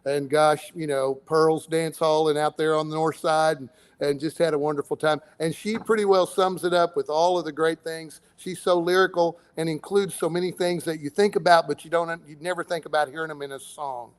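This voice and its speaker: A man's voice: fairly high pitch, fairly even intonation, fairly quick, few pauses, clear, resonant tone. A man, a musician guest on a live show, talking about his songs in a modest, easygoing way and laughing often. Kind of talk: interview talk.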